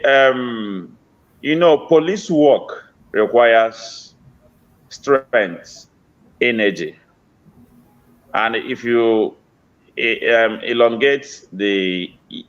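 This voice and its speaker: A man calling in as a guest lays out his points slowly, pausing on fillers. His voice sits low. The remote line sounds dull and lo-fi. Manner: slow, hesitant, with fillers. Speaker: guest on call. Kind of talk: measured argument.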